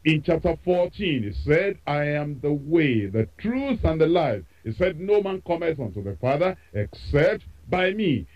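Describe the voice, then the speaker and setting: A man preaching a sermon, with emphatic repetition and expressive delivery. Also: on the high side, dull audio.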